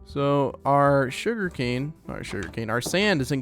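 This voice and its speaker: A man's voice: medium pitch, big pitch swings, normal speed, few pauses, soft background music. A man hosting a let's play, rambling casually as he plays, with lots of fillers. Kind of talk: casual gameplay commentary.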